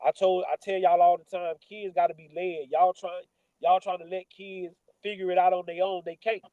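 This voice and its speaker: A man's voice: sits high, level tone, normal speed, dry recording, narrow, tinny audio. A football coach in his forties telling a personal story in a casual, conversational way, with many fillers and restarts. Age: 40s. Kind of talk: personal storytelling in a sports talk show.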